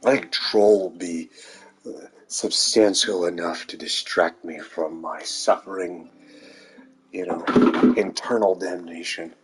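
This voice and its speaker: A man's voice: sits low, fairly even intonation, takes it slowly, faint music behind. A man rambling to viewers in a sardonic monologue, swearing and laughing at his own jokes. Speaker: vlogger.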